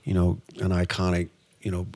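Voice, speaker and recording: An American man, a guest guitarist, talking about his influences in a relaxed, conversational way with many fillers. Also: sits low, fairly quick, no room sound. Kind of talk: casual interview talk.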